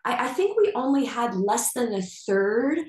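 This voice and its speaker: A woman guest on a podcast interview, telling stories with eager, animated enthusiasm. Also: fairly high pitch, a little slow, reverberant. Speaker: actress guest.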